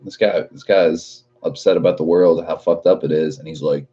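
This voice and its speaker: A man's voice: low-pitched, fairly even intonation, moderate pace, hardly any pauses, mellow, dull audio. A man in his late twenties chatting casually on a livestream, reading out chat messages and swearing often. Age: 20s. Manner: laid-back, swears a lot, laughs often.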